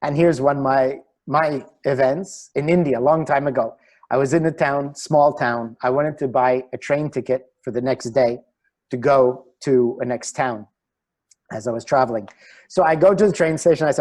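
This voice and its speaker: A middle-aged man, a relationship coach, giving a webinar talk over a video call and telling animated anecdotes. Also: medium pitch, normal speed. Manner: animated storyteller, chuckles at himself.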